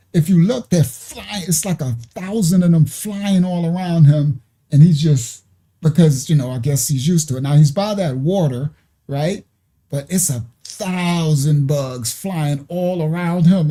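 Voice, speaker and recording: A man hosts a casual reaction video, thinking out loud and asking his viewers questions. His voice is very dark and mellow. He talks in a loose, chatty way. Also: fairly high pitch. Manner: musing aloud, asks viewers questions.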